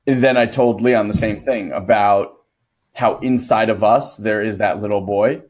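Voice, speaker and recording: Male co-host and dad, lowish voice, earnest storyteller, casual podcast. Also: fairly even intonation, moderate pace, a little mellow. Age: adult, a father. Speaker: co-host and transformation coach.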